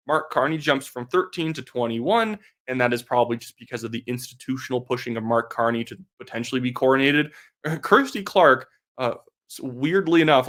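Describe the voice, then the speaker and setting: A young man from Canada talks politics in a blunt, sarcastic, dismissive way. His voice sits at an ordinary male pitch. His delivery is casual, and he fills it with quick "like"s. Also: fairly bright tone. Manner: fast talk with many filler "like"s. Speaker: political commentator. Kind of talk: casual opinion commentary.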